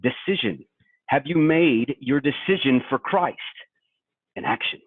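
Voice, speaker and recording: A man's voice: medium pitch, expressive, a little slow, husky, no echo, pitched above the performer's own voice. A man imitating a hard-driving male sales boss from a film, punching out each word as he berates his team. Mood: berating. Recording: tinny dry phone line.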